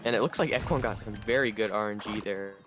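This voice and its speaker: Man, fairly low voice, relaxed speedrun commentary, game music clearly behind. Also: fast talker. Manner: explanatory, relaxed, laughs easily. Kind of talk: casual live commentary.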